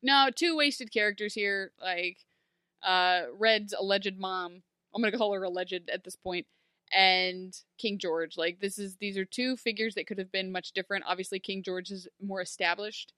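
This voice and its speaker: A woman in casual chat, recapping a TV episode with sarcastic, animated commentary and plenty of filler words. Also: mid-range voice, normal speed, clean tone, no room sound, clean studio sound. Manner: animated, sarcastic, lots of "like" fillers, acts out quotes. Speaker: podcast co-host recapping a TV episode.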